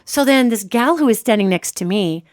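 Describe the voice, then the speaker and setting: A woman's voice: fairly high pitch, normal speed, no room sound. Woman podcast host, dry studio sound. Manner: animated, explanatory, talks of spirits and energy matter-of-factly. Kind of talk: casual storytelling.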